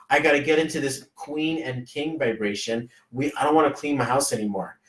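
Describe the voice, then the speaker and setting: A man's voice: medium pitch, fairly quick, few pauses, fairly bright tone, far from the mic. A man hosting a casual live stream as a business coach, rambling and hypey, often slipping into quoted voices. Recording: echoey room, voice off-mic.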